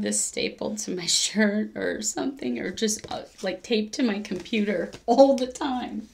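A woman's voice: medium pitch, measured pace, gravelly, hardly any pauses, a little mellow. A woman chatting casually on her cross-stitch vlog, rambling, correcting herself as she goes and laughing often. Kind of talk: casual crafting vlog chat.

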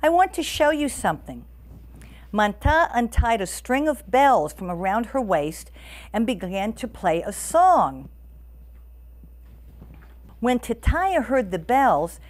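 A woman reading a storybook aloud to listeners as the storyteller, expressive and animated. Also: a little high.

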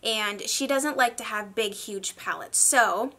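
A woman talking in a casual makeup review vlog, chatty and gushing, with animated asides. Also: on the high side, a little slow. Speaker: beauty vlogger.

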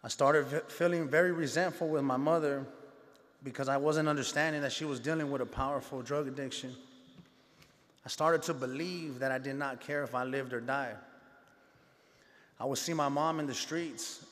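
A man's voice: mid-range voice, fairly even intonation, moderate pace, a bit bright. Man telling his story in a reverberant hall. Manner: conversational storytelling with street slang; acts out dialogue in his story. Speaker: speaker sharing his life story at a gala. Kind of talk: personal testimony speech.

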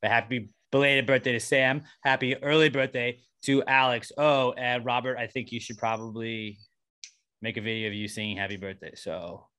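A man's voice: mid-range voice, steady tone, normal speed, bright, forceful tone. A young man co-hosting a podcast, chatting loosely and jokily with lots of fillers. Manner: loose, rambling, jokey delivery with frequent fillers. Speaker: podcast co-host. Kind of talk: casual podcast banter.

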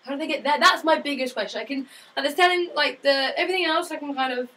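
A woman's voice: high-pitched, fast talker, a bit bright, far from the mic, rough recording. A woman co-hosting a casual podcast, teasing and rambling with lots of fillers. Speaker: podcast co-host. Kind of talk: casual chat.

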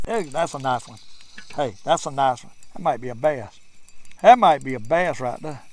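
An older man, casually commenting while fishing from a boat on a lake, folksy and repetitive, excited when he lands a fish. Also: mid-range voice, moderate pace, pauses often, a little hiss or hum. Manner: folksy, repeats himself, excited over catches. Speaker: fishing channel host.

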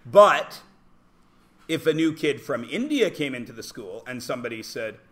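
A man's voice: medium pitch, very animated, moderate pace, fairly bright tone. A man teaching a class, blunt and provocative, talking over his students. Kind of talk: classroom lecture.

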